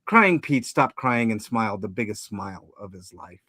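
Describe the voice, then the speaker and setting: A man on a podcast reading a comedic story aloud in a casual, steady way, correcting himself now and then. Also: fairly low pitch, moderate pace, no room sound, clean studio sound. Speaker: podcast co-host and story reader.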